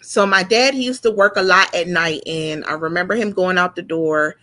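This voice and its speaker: Woman, forties, emotional personal testimony, halting, repeats herself, close to tears. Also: fairly low pitch, pushed and bright. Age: 40s. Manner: halting, with many restarts and repeated words. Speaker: guest sharing her story.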